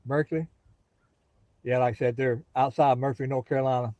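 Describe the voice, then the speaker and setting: A middle-aged man with a thick Southern drawl talks easily to his live-stream viewers, folksy and unhurried. His voice sits mellow and soft-edged, caught dry and close on a dull, lo-fi phone mic. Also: medium pitch, steady tone, dry recording. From Gulf Coast of Florida. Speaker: livestream host. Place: outdoors near a pasture.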